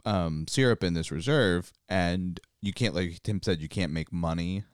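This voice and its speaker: A man's voice: sits low, a little slow, clean tone, no room sound, studio quality. A man co-hosting a casual podcast who rambles, restarts his sentences and swears casually while joking with friends. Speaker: podcast co-host.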